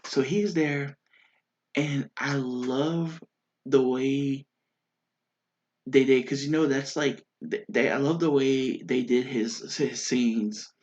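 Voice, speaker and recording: A man's voice: mid-range voice, slow. A man giving a casual, enthusiastic spoken review, rambling with lots of fillers and restarts. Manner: excited and enthusiastic. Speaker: YouTube show reviewer. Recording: dull lo-fi sound.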